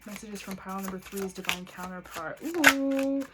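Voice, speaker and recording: A woman's voice: mid-range voice, moderate pace, heavy background noise. Blunt, cursing tarot-reader woman. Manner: blunt, profane, excitable. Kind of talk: casual tarot reading.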